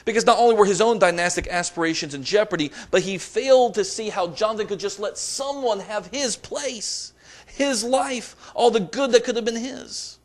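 A man delivering a sermon, reading scripture aloud with dramatic emphasis and rising to forceful peaks. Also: high voice, normal speed. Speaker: preacher.

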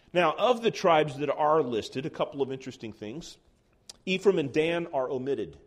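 Male Bible teacher, mid-pitched, calm explainer who reads scripture aloud. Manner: explains calmly, reads scripture passages aloud, some restarts. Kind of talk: Bible study lesson.

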